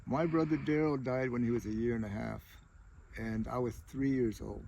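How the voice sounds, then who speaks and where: A man's voice: mid-range voice, fairly even intonation, normal speed, gravelly, dark tone, a little hiss or hum, poor audio. Rambling man telling stories outdoors. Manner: rambling, many "you know" fillers. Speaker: tribal chair candidate. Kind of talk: casual storytelling interview.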